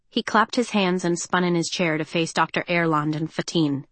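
A woman narrates a novel in a measured, even manner. Her voice sits on the lower side and is recorded dry and close. The delivery is steady scripted storytelling. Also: dry recording. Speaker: audiobook narrator.

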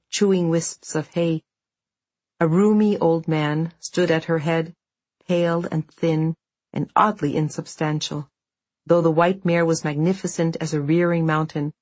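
A woman reading an audiobook in a measured, even storytelling voice, close to the microphone. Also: on the low side, no echo. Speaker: narrator. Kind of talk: scripted audiobook narration.

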